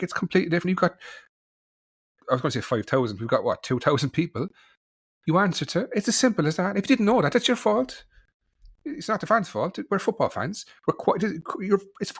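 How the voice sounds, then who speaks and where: Blunt male co-host, Cork accent, husky and higher voice, dry close sound. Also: no echo. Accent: Irish, Cork. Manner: blunt, swearing, animated rant. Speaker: podcast co-host. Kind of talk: casual chat.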